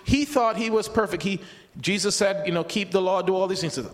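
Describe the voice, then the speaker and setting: A man delivers a sermon with a notably high voice, speaking conversationally and slipping into quoted voices. He often restarts and repeats words. The sound rings out with a long reverb, as in a large church hall. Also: brisk. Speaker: preacher.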